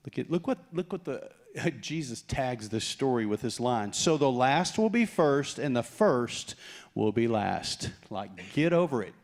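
A man's voice: medium pitch, a little slow. Middle-aged guy preaching, jokey storytelling, does little voices for the people in his stories. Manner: animated storytelling, acts out quoted voices with humor. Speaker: pastor. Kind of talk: sermon.

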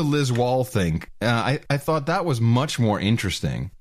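Sarcastic man with a lively, swinging voice. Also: mid-range voice, no echo. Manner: sarcastic, laughing, quick asides. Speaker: talk show host. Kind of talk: casual mocking commentary.

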